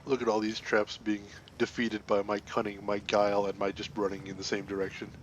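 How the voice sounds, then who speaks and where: A man's voice: lowish voice, monotone, a little fast, muffled recording, slight background noise. A man giving casual let's play commentary, chatty and jokey, laughing often and playfully pedantic. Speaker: gaming channel host.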